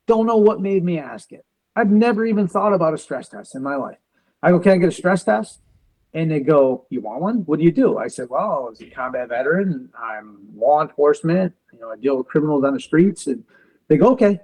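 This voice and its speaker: A man's voice: fairly high pitch, lively intonation, a little mellow, low-quality recording. Man in his forties telling his story. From United States. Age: 40s. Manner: quotes others in quick back-and-forth, uses car comparisons. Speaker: interview guest, veteran and police officer. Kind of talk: animated personal storytelling.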